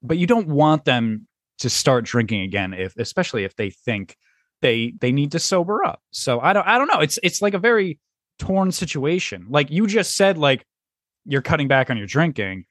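A man's voice: a little high, sing-song, normal speed, fairly bright tone, no echo, studio quality. A young man hosting a casual podcast, telling a rambling story and swearing freely as he acts out his friends. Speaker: podcast host.

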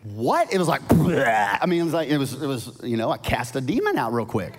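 A middle-aged male pastor preaching a sermon, telling a family story with animated swings and soft, quiet asides. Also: medium pitch, a little fast. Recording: long reverb of a large hall.

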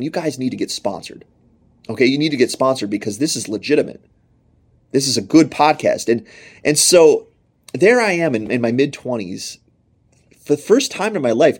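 Young guy preaching, kinda husky voice, earnest and personal. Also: mid-range voice, darkish tone. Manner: earnest and emphatic, personal storytelling. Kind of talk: sermon.

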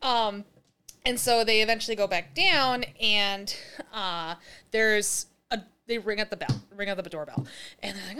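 A woman's voice: measured pace, clear, resonant tone. A woman co-hosting a podcast, casually recapping a horror film, swearing and laughing as she jumps into squealing character voices. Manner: animated, acts out characters with high squeals, swears, laughs often. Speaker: podcast co-host. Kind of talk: casual movie recap chat.

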